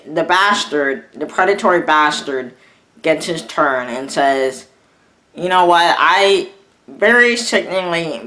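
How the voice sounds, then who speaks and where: A young man telling a personal story in an angry, halting vlog rant, full of restarts and swearing. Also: a little high, bright, forceful tone, rough recording. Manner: halting and bitter, with frequent restarts and profanity. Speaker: vlogger.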